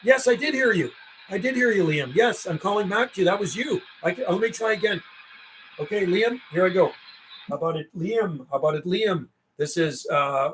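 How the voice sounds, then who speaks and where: A man running a CB radio livestream, calling out call signs in a steady rhythm between casual chat. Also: high-pitched, moderate pace, low-quality recording. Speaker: CB radio operator and livestream host. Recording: radio static and hiss in the background.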